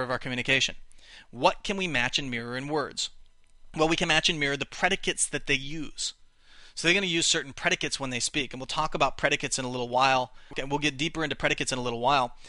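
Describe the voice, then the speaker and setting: Bright, dry-voiced male instructor. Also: mid-range voice, dry recording. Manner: energetic, repetitive, demonstrates voices while teaching. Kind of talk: teaching a rapport-building class.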